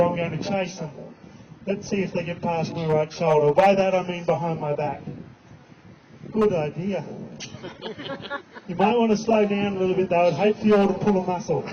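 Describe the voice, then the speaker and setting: A man's voice: high-pitched, noisy background. A man with an Australian accent giving a joking, chatty horse training demonstration in an outdoor arena. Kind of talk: live arena demonstration with commentary. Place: outdoor arena at a race track. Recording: lo-fi with loud outdoor ambience.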